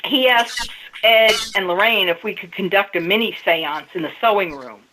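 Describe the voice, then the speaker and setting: A woman's voice: mid-range voice, moderate pace, sharp tone, low-quality recording. A woman guest on a radio interview, telling a story step by step in a casual way. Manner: storytelling, recounting events step by step.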